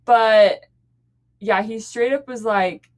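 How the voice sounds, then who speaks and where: A young woman co-hosts a podcast, chatting casually and slowly in a fairly high voice. She giggles a lot and fills her embarrassing stories with "like."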